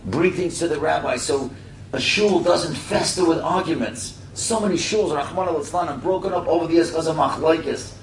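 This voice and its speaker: A middle-aged man telling a heartfelt moral story, animated and acting out the voices. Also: on the high side, normal speed. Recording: roomy and distant with faint hiss.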